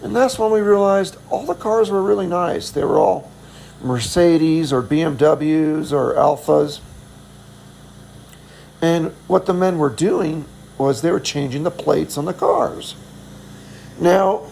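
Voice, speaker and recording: Gravelly man telling stories. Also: fairly high pitch, mellow, a little hiss or hum, low-quality recording. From United States. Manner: chuckling, self-deprecating, rambling. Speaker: vlogger. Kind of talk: casual storytelling.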